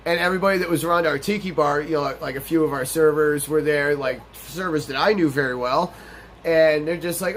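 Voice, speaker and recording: A man's voice: on the high side, steady tone, brisk, a bit bright, a little hiss or hum. A man hosting a gaming channel, telling a rambling, profane, self-deprecating story over a game playthrough.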